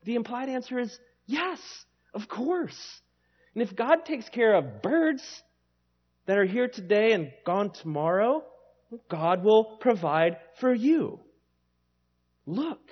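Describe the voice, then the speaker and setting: High, lively male preacher. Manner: emphatic, expressive, conversational preaching. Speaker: pastor. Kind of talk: sermon. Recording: slightly dull lo-fi recording.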